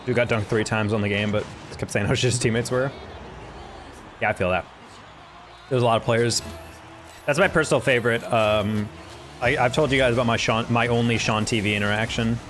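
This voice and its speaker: A man's voice: medium pitch, fairly even intonation, brisk, long pauses, a bit bright, faint music behind. A young man streaming a game, chatting casually with his viewers and ranting about teammates with slang and swearing. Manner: laid-back, ranting with profanity and slang. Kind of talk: casual gameplay commentary to chat.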